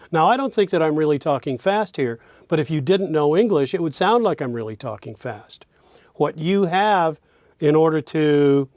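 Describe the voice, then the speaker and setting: Male instructor, slightly high voice, very slow and deliberate delivery, for a spoken lesson. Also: darkish tone, dry recording, clean studio sound. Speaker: teacher. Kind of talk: spoken lesson on speech rhythm.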